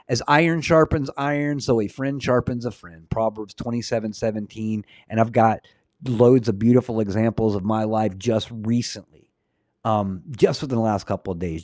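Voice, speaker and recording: A man's voice: lowish voice, warm tone, no echo, studio quality. A man hosting a Christian livestream, talking earnestly and then leading a prayer, often repeating words as he starts a sentence. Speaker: host of a Christian livestream show. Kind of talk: casual livestream commentary and prayer.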